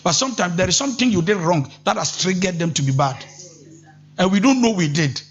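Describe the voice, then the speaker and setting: Animated high-voiced man counselor. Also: a little fast, breathy edge. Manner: animated, mixes in sung mimicry and laughter. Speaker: relationship counselor. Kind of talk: lively advice talk. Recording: muffled low-fidelity audio with faint music.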